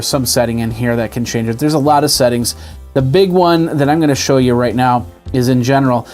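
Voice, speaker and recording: A man's voice: medium pitch, a little mellow. Male tech host, casual and talky, mid-range voice, showing features as he goes. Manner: chatty, demonstrating on screen as he talks. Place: indoors at a desk with a TV and monitor.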